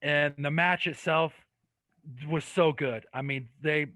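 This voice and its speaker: Guy with a kinda high voice breaking down a match, measured, dry close mic. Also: steady tone, sharp tone, no room sound, rough recording. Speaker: podcast co-host. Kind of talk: casual wrestling review.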